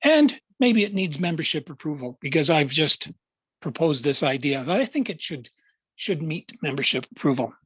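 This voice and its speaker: A man giving a formal prepared speech to a club over a video call, measured and deliberate, with emphatic pauses. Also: fairly high pitch, lively intonation, a bit bright, breathy edge, dry recording, low-quality recording. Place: at home, joining remotely.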